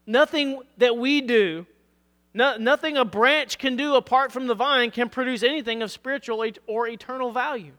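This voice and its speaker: A man preaching a sermon as pastor, reading scripture aloud and checking in with his listeners, his voice going hoarse. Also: very high-pitched, moderate pace, pushed and bright, long reverb tail. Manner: earnest preaching, reads scripture aloud, asks "All right?". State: losing his voice.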